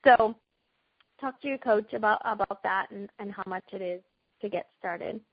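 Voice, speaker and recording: A woman with a Boston accent rattles through a recorded sales call, quick and upbeat. Her voice is husky and breathy. The sound is dry and dull, like a lo-fi call line. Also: medium pitch, no echo. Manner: fast, upbeat, chatty with small laughs. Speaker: team leader hosting a business call.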